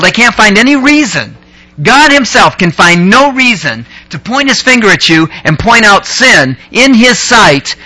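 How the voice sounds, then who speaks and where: A man preaches with a high, bright voice that swings widely up and down. He jokes with and teases his listeners, then builds his stories into excited, rising peaks. The delivery is a playful, storytelling sermon. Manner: joking, teasing the audience between scripture points. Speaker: pastor. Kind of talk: sermon to a youth group.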